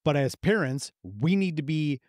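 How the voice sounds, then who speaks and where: Male co-host, 30s, lively pitch, profane, animated storyteller, dry close mic. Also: normal speed, dry recording. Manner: heavy swearing, animated storytelling with acted quotes. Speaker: podcast co-host. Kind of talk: casual uncensored podcast chat.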